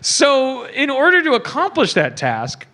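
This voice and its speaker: High, bright-voiced man ranting profanely. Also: a little slow. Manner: profane, animated, shouting in mock outrage. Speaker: podcast host. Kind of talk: comedic movie rant. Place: live stage show before an audience.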